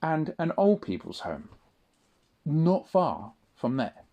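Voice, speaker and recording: A man's voice: fairly high pitch, very animated, slow, lo-fi sound. A man in a casual spoken monologue, rambling and swearing often, with frequent restarts. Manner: rambling, profane, restarts a lot. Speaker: audio diarist.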